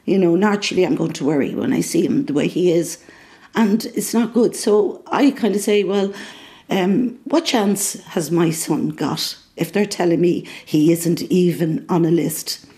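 Older Irish mother, low mellow voice. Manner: earnest, halting with fillers. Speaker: mother and carer. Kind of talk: emotional interview.

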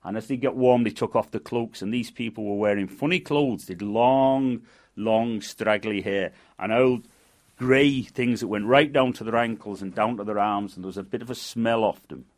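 An older man with a Manchester accent telling a folk tale in a lively, dramatic way. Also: lowish voice, normal speed. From England. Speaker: storyteller and guide. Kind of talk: folk storytelling.

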